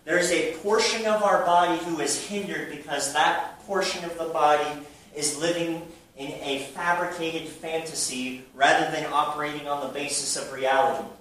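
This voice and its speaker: A man's voice: on the high side, fairly even intonation, moderate pace, a bit bright. A man preaching a sermon to his congregation, emphatic and full of rhetorical questions. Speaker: pastor. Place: church sanctuary. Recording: very echoey room from far off with faint noise.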